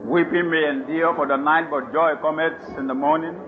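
A male pastor preaching a sermon, animated, laughing and calling for responses from the congregation. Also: fairly high pitch, normal speed, narrow, tinny audio, noisy background.

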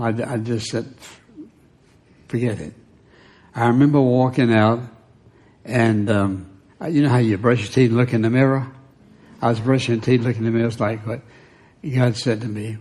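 A man's voice: mid-range voice, steady tone, normal speed, a little mellow. An older man preaching a sermon in a conversational way, often dropping to a near whisper for emphasis. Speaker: pastor.

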